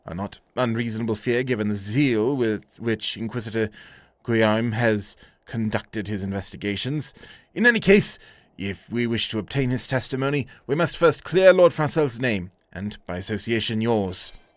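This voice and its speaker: A man voicing a courteous, composed nobleman in a video game, speaking in a measured, formal way. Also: fairly low pitch, expressive, no room sound, close to an everyday voice.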